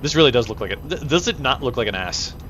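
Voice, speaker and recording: A man streaming a game with casual, rambling commentary, excitable, with restarts and swearing. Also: mid-range voice, quick pace, slight background noise. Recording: dull lo-fi dry mic.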